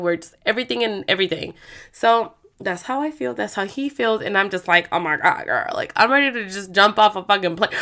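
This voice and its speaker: A woman hosting her own podcast, talking casually and excitedly, with frequent swearing. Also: medium pitch, gravelly. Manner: chatty, profane, excitable. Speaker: podcast host. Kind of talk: casual solo podcast talk.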